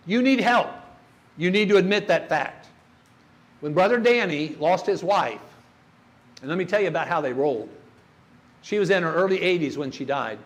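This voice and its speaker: An older man giving a church workshop talk on grief, folksy and storytelling, asking the audience questions. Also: a little high.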